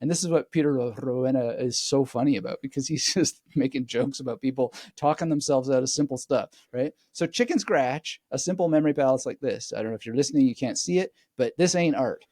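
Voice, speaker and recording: A man speaking as a guest memory expert in a conversational interview, animated and digressive, often laughing as he explains. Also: mid-range voice, fast talker, hardly any pauses, no room sound, studio quality.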